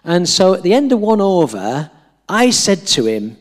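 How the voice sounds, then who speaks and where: A man's voice: high voice, sing-song, normal speed. A middle-aged man preaching, telling a story animatedly and acting out the dialogue with self-deprecating humour. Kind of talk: storytelling sermon. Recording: long reverb of a large hall.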